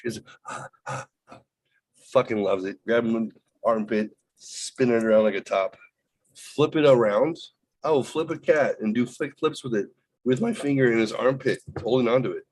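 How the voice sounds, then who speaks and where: Husky-voiced man telling a profane story. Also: mid-range voice, normal speed, low-quality recording. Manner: profane, rambling and animated. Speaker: podcast host. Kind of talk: casual storytelling.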